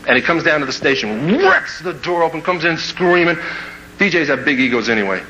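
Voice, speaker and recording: A man from Kansas delivers a motivational talk as a story, rattling along at a brisk clip. His voice sits a little high and rings bright and forceful. He acts out the scenes, trading in sound effects and little quoted voices. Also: very animated, a little hiss or hum, poor audio. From Kansas, USA. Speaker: motivational speaker. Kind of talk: storytelling speech to a live audience.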